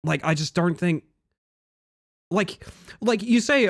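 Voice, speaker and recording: Lively Australian man chatting on stream. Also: fairly high pitch, brisk, pauses often, no room sound, clean studio sound. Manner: rambling, joking, swears freely. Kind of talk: casual chat with live chat.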